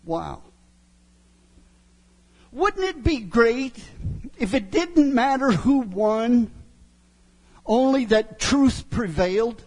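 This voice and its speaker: A man's voice: very high voice, lively intonation, a little mellow. A middle-aged male preacher giving a sermon, emphatic, often asking his listeners "huh?". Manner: slow, emphatic, asks the crowd "huh?" often.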